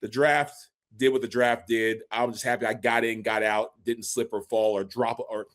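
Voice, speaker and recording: A man in his forties co-hosting a casual sports podcast, an animated storyteller who acts out quotes as he recalls his playing days. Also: mid-range voice, normal speed. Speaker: podcast co-host, former NFL fullback.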